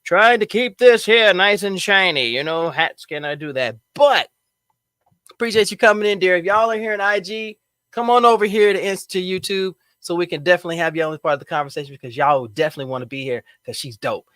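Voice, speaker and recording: A man's voice: high voice, brisk, sharp tone, no room sound. A man hosting a casual live stream chat show, hyped, joking and playful with his audience and guest. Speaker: livestream host.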